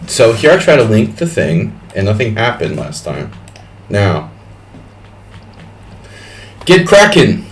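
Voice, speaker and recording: A man's voice: fairly low pitch, sing-song, normal speed, few pauses, a little hiss or hum. A man hosting a chess tournament on a live stream, chatting casually and rambling through exasperated complaints with plenty of fillers.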